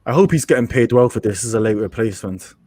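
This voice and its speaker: A man co-hosting a live fight watch-along, chatting casually and jumping up in pitch when he reacts. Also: expressive, fast, warm tone, no echo. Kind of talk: casual live commentary chat.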